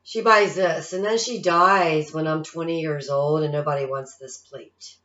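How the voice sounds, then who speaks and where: A woman's voice: low voice, steady tone, unhurried, fairly bright tone. A woman in her fifties, a psychic-medium vlogger, ranting in a casual monologue and tagging her points with "okay?" and "all right?". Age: 50s. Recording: roomy, dull lo-fi sound.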